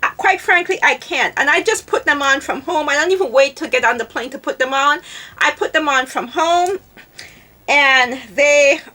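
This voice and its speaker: A woman's voice: high voice, moderate pace, sharp tone, recorded from a distance. An older woman, chatting casually to camera as a travel vlogger, laughing often and talking to herself.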